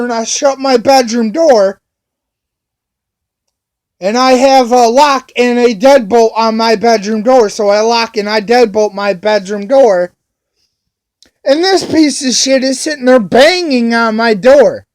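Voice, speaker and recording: A man recounts a run-in with police in an angry, profane rant. His voice sits high, and he circles back to the same phrases over and over. He talks at a slow, dragging pace. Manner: profane, repetitive, heated.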